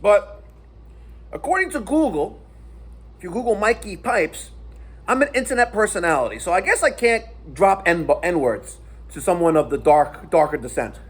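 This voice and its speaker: A man telling a profane, animated story in a casual vlog rant. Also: high voice, moderate pace, breathy edge. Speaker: internet personality.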